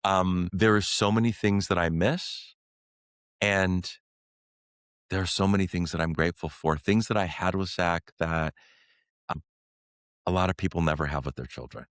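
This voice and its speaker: A middle-aged man, a podcast guest, telling a personal story in an earnest, halting way with many fillers and restarts. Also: sits low, a bit bright, clean tone, dry recording.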